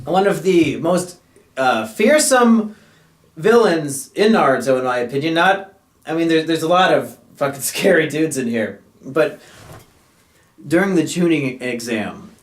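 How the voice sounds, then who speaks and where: A young man co-hosting a casual chat, excitable and swearing, laughing as he tells stories. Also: on the high side, a little slow, roomy sound. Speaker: co-host.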